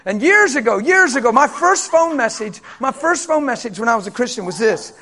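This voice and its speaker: A man's voice: very high-pitched, very animated, normal speed, hardly any pauses, bright, forceful tone. A male pastor giving a passionate, conversational sermon with casual asides.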